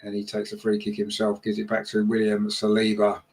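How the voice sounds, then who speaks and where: A man's voice: lowish voice, monotone, a little fast. A man giving live fan-channel football commentary, chatty and partisan, his voice jumping up when chances come.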